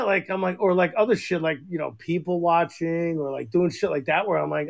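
Gravelly high-voiced rambling podcast man. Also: normal speed, few pauses, fairly bright tone. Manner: crude, rambling storyteller, heavy swearing. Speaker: podcast co-host. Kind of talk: casual chat.

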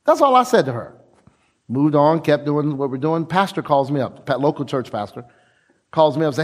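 A man's voice: fairly high pitch, normal speed, breathy edge. A man preaching a sermon as pastor, telling stories with restarts and repeated words and acting out the voices of people he quotes. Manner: lively storytelling preacher, acts out quoted voices.

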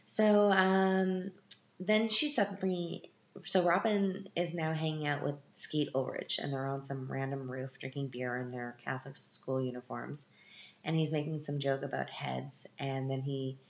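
Deep gravelly-voiced woman in her 30s, chatty and sarcastic, echoey room. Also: fairly even intonation, normal speed, bright, forceful tone, highs cut off. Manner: chatty, candid, sarcastic asides. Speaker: podcast host. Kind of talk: casual film recap chat.

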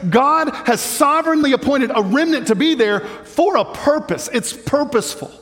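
A high-pitched male pastor delivers a sermon, rising into emphatic stretches and doubling words as he thinks aloud. His voice rings out with a long reverb, as in a large church hall. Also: lively intonation, moderate pace, a bit bright. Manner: preaching with rising emphasis, frequent repeated words.

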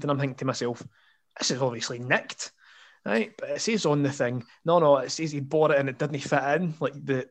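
A man with a Scottish accent telling a funny story in casual chat, animated and laughing often. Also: fairly high pitch. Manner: animated, laughs often, lots of fillers and asides. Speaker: podcast guest storyteller.

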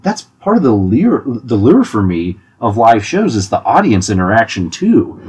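A young man talking casually about concerts in an animated, chatty way, with frequent restarts and laughs. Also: mid-range voice, breathy edge. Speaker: podcast host giving concert tips. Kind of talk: casual monologue.

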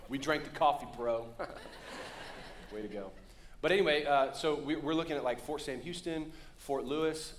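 A man preaching a lively sermon as pastor, joking and calling on the congregation to respond. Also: medium pitch, echoey room, a little hiss or hum. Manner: joking, calls for audience response. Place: church sanctuary.

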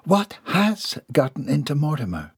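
In clean studio sound with no room tone, a man puts on an exaggerated, sing-song voice pitched above his own to play a prying, affected society lady gossiping at a party. His pace is normal, the voice a bit rough and on the high side.

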